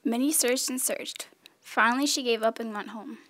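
A woman reading a children's story aloud in a clear, measured storytelling voice. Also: on the high side, fairly bright tone, dry recording. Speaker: storybook reader.

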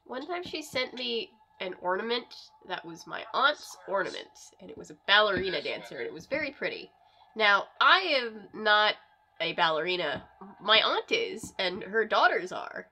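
A woman hosting a casual movie watch-along at home, chatting in rambling asides with quick laughs. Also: mid-range voice, sing-song, pushed and bright. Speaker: host. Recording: background noise under the talk.

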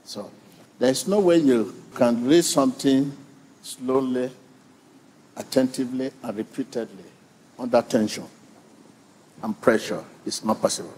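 A man's voice: mid-range voice, measured pace, pauses often, a little mellow, slight background noise. A man preaching a sermon with emphatic repetition, drawing in the congregation. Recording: long reverb of a large hall.

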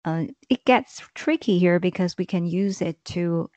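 A woman co-host explains word usage in a relaxed podcast lesson, patient and a little halting with her ums and uhs. Her voice sits on the low side. The sound is dry with no room echo. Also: dull audio. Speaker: language teacher co-host. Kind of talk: casual podcast language lesson.

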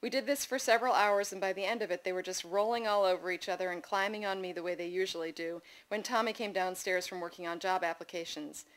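A woman in her thirties, an author reading her own memoir stories aloud at a literary festival, wry and animated. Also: fairly low pitch, fast, few pauses. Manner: wry, animated, playfully voices her child's shouts.

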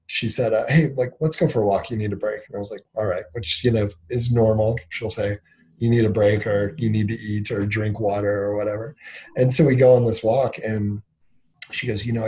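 Steady-toned and on the low side, with a darkish quality, the man talks at a moderate pace over a low-quality recording. He's a founder in his thirties being interviewed, candidly recounting a personal story packed with fillers and acted-out dialogue.

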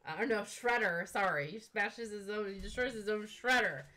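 Gushing, bright-voiced young woman reacting. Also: mid-range voice, normal speed. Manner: gushing and excitable, full of "oh my god" and "like". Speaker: reaction video host. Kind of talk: casual reaction commentary.

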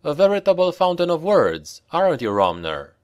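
A man's voice: fairly high pitch, wildly swooping pitch, moderate pace, a little mellow, no echo, dull audio, pitched above the performer's own voice. A man narrating an audiobook voices a weary, wry male mercenary leader who speaks curtly and with dry sarcasm. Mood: terse. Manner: curt and dryly sarcastic.

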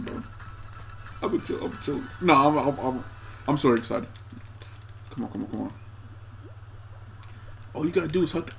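Young male streamer, lively swooping delivery, slightly high voice, faint hiss behind. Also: vocal fry. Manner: excitable, talks to himself and chat, trash-talks players. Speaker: gaming streamer. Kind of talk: casual gameplay commentary.

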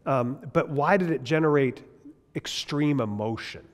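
A man's voice: a little high, measured pace. A man teaching a Bible class in an emphatic way, asking many rhetorical questions and often restarting his sentences. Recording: long reverb in a hall.

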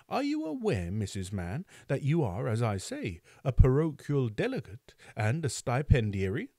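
A man's voice: medium pitch, warm tone, no echo, studio quality, voice pushed up. A man voicing a pompous, self-important parish beadle who speaks in a stern, oratorical way.

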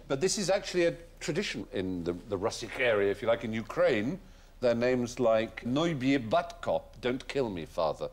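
A man's voice: mid-range voice, big pitch swings, moderate pace, pauses often, noisy background. A man hosting a studio panel quiz show, explaining answers playfully and laughing as he goes. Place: TV studio with live audience.

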